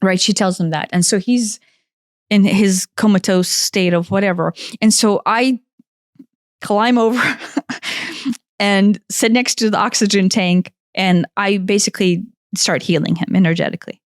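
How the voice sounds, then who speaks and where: A woman's voice: medium pitch, steady tone, a little slow, dry recording, studio quality. A woman from Ukraine, a podcast co-host and energy healer, telling a travel story in a rambling way that often restarts. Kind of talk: casual storytelling chat.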